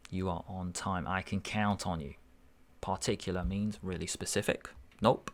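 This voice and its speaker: A deep-voiced man tutors at a steady tone, working aloud through a verbal reasoning test paper. He muses over each answer in an unhurried way, correcting himself as he goes.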